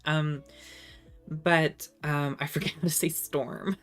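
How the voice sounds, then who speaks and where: A woman's voice: low voice, fairly even intonation, slow pace, faint music behind. A woman streamer in casual chat, reading viewer comments aloud, laughing often and trying out rusty French.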